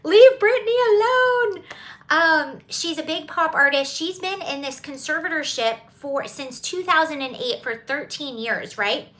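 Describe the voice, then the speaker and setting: A woman's voice: high voice, unhurried, hardly any pauses, sharp tone. A young woman from Georgia with a Southern accent, hosting a casual livestream, chatting and reading viewer comments in a digressive, laughing way. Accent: Southern American. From Georgia, USA. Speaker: livestream host.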